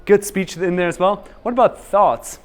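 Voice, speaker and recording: A man leading a storytelling workshop, energetic and quizzing his audience. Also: high-pitched, normal speed. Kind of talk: interactive workshop teaching.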